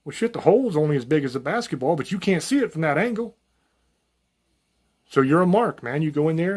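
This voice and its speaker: Man, channel host, slightly high voice, blunt folksy rant with swearing, unscripted. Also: animated, a little fast, long pauses, darkish tone. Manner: blunt, profane, folksy, rambling. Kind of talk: unscripted monologue to camera.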